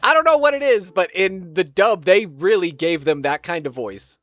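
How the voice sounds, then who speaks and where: A man's voice: sits high, animated, moderate pace, a bit bright, no room sound, studio quality, faint music behind. A man chatting casually while playing a game, laughing at himself, his throat strained. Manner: chatty, laughing, self-deprecating. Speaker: game streamer. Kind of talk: casual gameplay commentary.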